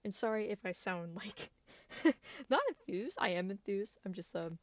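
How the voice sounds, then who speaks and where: A woman's voice: medium pitch, lively intonation, a little slow, dry recording. A woman hosting a gaming channel, congested from a cold, rambling through game news in a chatty way with frequent giggles and restarts. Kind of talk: casual gaming news commentary. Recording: dull, dry lo-fi mic.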